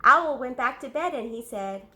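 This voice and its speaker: A woman reading a story aloud to children, pausing to ask the young listeners questions and gasping or whispering for effect. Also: high voice, expressive, pushed and bright.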